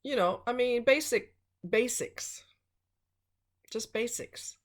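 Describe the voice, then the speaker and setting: A woman's voice: on the high side, slow. A woman vlogger giving blunt relationship advice in a casual, emphatic monologue.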